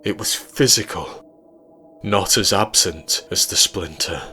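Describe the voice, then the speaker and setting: A British man narrating a sci-fi horror story in a measured, steady way. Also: deep voice, a little hiss or hum.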